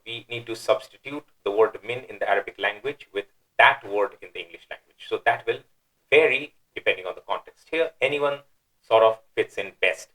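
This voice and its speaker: A man's voice: lowish voice, a little fast, fairly bright tone, low-quality recording. A man teaching a Quran verse, methodically explaining word choices and thinking aloud as he weighs the options.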